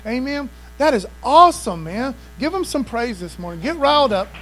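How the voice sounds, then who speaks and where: High-voiced emphatic preacher man. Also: very animated, normal speed, a bit bright, faint music behind, poor audio. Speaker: pastor. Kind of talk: sermon.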